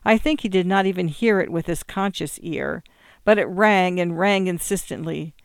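A narrator reading a story aloud in a measured, expressive way. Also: medium pitch, creaky, smooth, no echo, studio quality. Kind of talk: audiobook reading.

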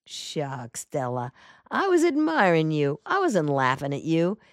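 A woman voicing a sardonic, stooped male detective with a slow, dry drawl, in an audiobook. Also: deep voice, animated, no echo.

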